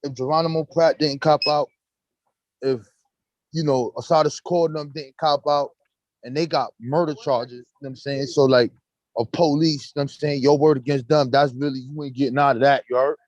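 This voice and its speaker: A man hosting a live stream, talking in animated, profane street slang and acting out courtroom exchanges. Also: medium pitch, brisk, no echo, lo-fi sound. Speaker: host. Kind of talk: casual live-stream chat.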